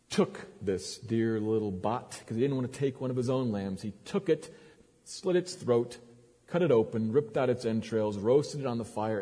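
A man's voice: mid-range voice, warm tone, slightly rough. Man preaching in a reverberant hall. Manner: dramatic retelling, repeats words on restarts. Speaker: pastor. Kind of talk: sermon.

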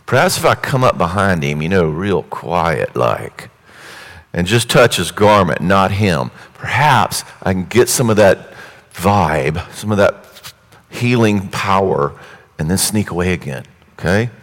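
A preacher voicing a timid, ashamed woman in a hush. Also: low-pitched, lively intonation, a little slow, heavily acted. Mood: sneaky. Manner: hushed, hesitant, plotting. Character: timid, ashamed woman long ill, sneaking through a crowd. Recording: echoey hall reverb.

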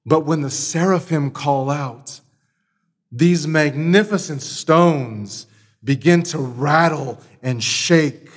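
Emphatic male preacher building to loud peaks. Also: a little high, takes it slowly. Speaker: pastor. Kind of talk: sermon.

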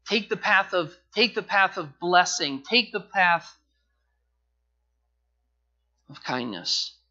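A male pastor preaching in a church sanctuary, his raised, bright voice carrying the sermon. He swings between forceful emphasis and hushed, pleading passages. The recording sounds dull and muffled. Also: high voice, animated, unhurried.

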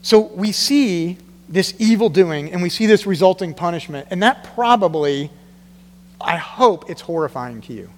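A man preaches a sermon to his congregation in a high, bright voice. He keeps it animated, slipping into the voices of the people he quotes. The sound rings with the long reverb of a big church hall. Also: moderate pace. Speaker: pastor.

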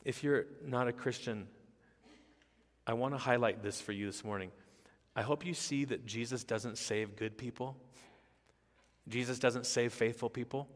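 A man's voice: medium pitch, long reverb tail. A man who is a pastor, preaching a sermon with emphatic, repetitive phrasing.

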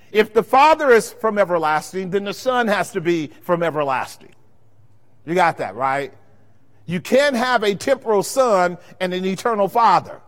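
A man teaching a Bible study sermon-style, quizzing his congregation with call-and-response questions. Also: high voice. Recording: long hall reverb.

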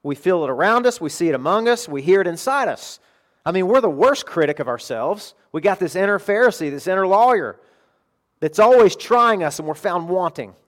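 Middle-aged guy preaching, slightly high voice, punchy and animated, goes quiet for asides. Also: a little fast. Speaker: pastor. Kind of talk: sermon.

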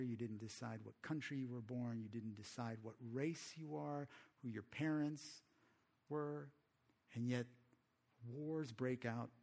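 A man's voice: medium pitch, darkish tone, husky. A man preaching a sermon in a conversational way, often putting rhetorical questions to the audience.

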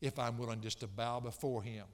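A man preaching a fervent sermon, rising almost to shouts on key phrases. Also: mid-range voice, fairly even intonation, brisk, background noise. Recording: echoey hall reverb.

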